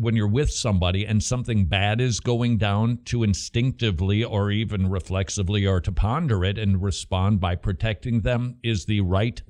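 A man's voice: on the low side, darkish tone. A man hosting a talk radio show, answering listener questions emphatically and using plenty of rhetorical questions.

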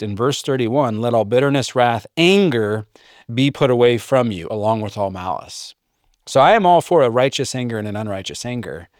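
A middle-aged man with a mid-pitched voice teaches in a relaxed, conversational way, weaving in scripture and light self-mocking humor. The sound is dry and close, with no room around it. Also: no room sound. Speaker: podcast host and biblical counselor. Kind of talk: casual teaching podcast talk.

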